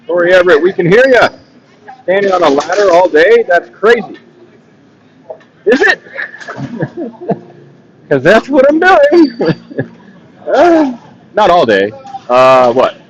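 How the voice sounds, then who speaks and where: A man's voice: sits high, very animated, slow pace, long pauses, lo-fi sound, a little hiss or hum. A man doing live play-by-play for a ball hockey game, chatty and self-mocking, laughing often from his perch beside the rink. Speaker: play-by-play commentator. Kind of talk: live sports commentary.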